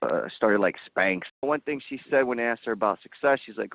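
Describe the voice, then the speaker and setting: Low-voiced man on a tinny line. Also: fairly quick, vocal fry, no room sound. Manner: animated, blunt, swears casually. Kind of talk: casual roundtable chat.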